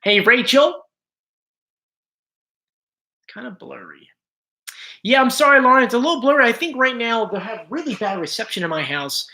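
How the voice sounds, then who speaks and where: A man's voice: extremely high pitch, animated, fast, few pauses, pushed and bright. A man hosting a casual live stream from home, chatting and greeting viewers by name, his voice a little strained. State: slightly strained voice.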